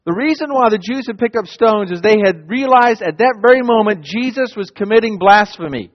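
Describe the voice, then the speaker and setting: A man preaching a sermon as a pastor, dramatic and emphatic, swinging from loud declarations to hushed lines. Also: high voice. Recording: dull long-reverb hall sound.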